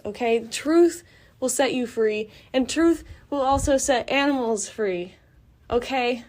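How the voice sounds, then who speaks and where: A woman's voice: fairly high pitch, darkish tone. Young woman, podcast host, blunt and passionate, rambling, outdoor recording. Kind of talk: casual monologue. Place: outdoors near a building.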